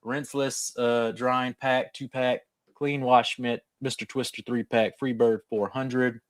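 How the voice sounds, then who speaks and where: A man hosting a casual livestream, hyped and promotional, with quick asides. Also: medium pitch, level tone, no echo, clean studio sound. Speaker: host.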